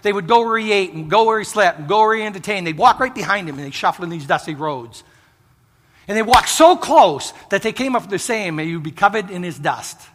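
Animated and brisk, a middle-aged man preaches with a high-sitting, slightly bright voice. He tells stories and makes earnest appeals to his congregation, laughing along the way, and the hall adds a long reverb.

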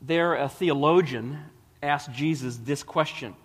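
A man's voice: on the high side, measured pace, breathy edge. A man preaching a sermon, reading scripture dramatically and explaining it with emphatic, rising delivery. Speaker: pastor. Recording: long hall reverb.

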